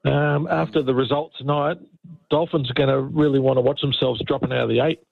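A man's voice: medium pitch, fairly even intonation, fairly quick, creaky, dry recording. A man phoning into a sports radio show, hesitant and a little disappointed. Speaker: caller. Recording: tinny phone line.

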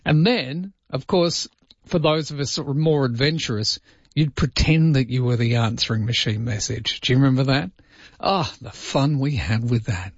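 A male show host talking on his own in a wry, chatty monologue that wanders off into asides. His voice sits at a middle pitch. The recording is dry, with no room sound, and slightly dull and lo-fi. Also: moderate pace, slightly rough, no room sound. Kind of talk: solo talk-show monologue.

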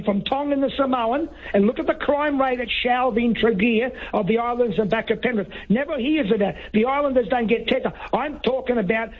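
A fired-up man on a talkback call, his high voice coming through a thin, tinny phone line. He argues hard, stumbles over repeated words and keeps talking over the host. The voice itself is husky. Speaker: radio caller. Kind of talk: heated talkback radio call.

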